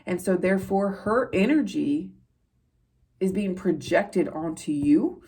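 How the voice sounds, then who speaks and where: A woman's voice: on the low side, slow pace, dark tone, slightly rough. A woman who is a psychic tarot reader, giving an earnest, rambling spiritual reading to her viewers in a preacher-like way.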